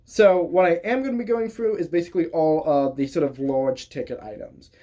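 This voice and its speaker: A young man vlogs from his bedroom in a casual, joking way, cursing freely and poking fun at himself. His voice sits a little high but sounds mellow and dark, and his talk is loose and chatty. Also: brisk. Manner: crude, self-mocking, joking. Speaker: YouTuber. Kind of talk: casual vlog chat.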